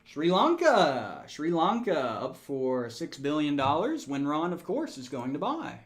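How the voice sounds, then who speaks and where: A man's voice: a little high, huge pitch swings, measured pace. A man streaming a strategy game, joking with chat, laughing often and counting numbers aloud. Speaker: gaming streamer. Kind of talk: casual live-stream chat.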